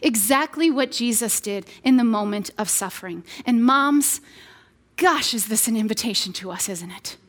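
A woman's voice: a little high, lively intonation, normal speed. A woman in her thirties giving an earnest, conversational devotional talk to mothers, with frequent restarts and playful asides. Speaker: speaker addressing mothers. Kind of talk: sermon-style devotional talk.

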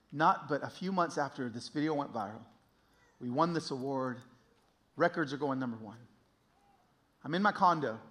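A man in his thirties giving an emotional sermon testimony, swinging from hushed to loud. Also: a little high.

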